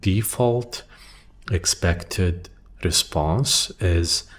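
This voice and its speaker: Podcast host, male, very low voice, unhurried and reflective delivery, faint hiss behind. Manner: thoughtful, hesitant, with restarts and soft trailing phrases. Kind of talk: reflective solo monologue. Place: quiet room. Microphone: studio microphone.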